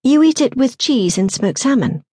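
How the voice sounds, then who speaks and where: A woman's voice: high-pitched, expressive, moderate pace, warm tone, breathy edge, pitched above the performer's own voice. A woman reading an audiobook, voicing a harried young woman who coaxes a child with strained politeness. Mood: coaxing. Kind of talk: audiobook narration.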